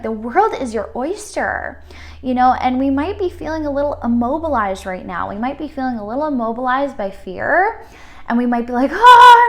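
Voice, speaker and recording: A woman giving a pick-a-card spiritual reading, speaking in a gentle, affirming and emotional way with many fillers. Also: on the high side. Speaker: tarot card reader.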